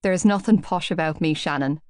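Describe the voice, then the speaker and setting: A woman reading an audiobook, voicing a calm young man from Dublin in a low, quiet, plain-spoken way. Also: normal speed, no echo, studio quality, close to an everyday voice. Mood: earnest. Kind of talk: audiobook character voice.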